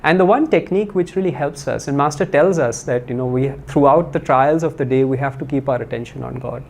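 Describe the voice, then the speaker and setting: A man's voice: medium pitch, a little fast, gravelly, a little mellow. A man giving a spiritual talk, telling stories in a conversational way with many fillers and restarts.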